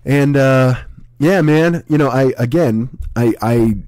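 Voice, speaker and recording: A man in his forties with a hoarse, sick voice, rambling and swearing through a casual podcast monologue at home. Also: medium pitch, slow, darkish tone, no room sound. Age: 40s. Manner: profane, rambling, self-deprecating. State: hoarse, sick with a sore throat. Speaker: comedy podcast host.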